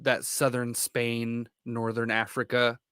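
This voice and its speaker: A young man with a mid-range voice talks eagerly about a movie in a casual podcast. The sound is dry and close, and his speech runs in excited bursts packed with fillers. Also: mid-range voice, smooth, dry recording. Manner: enthusiastic, many fillers, quick bursts of excitement. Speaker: podcast co-host. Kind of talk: casual film discussion.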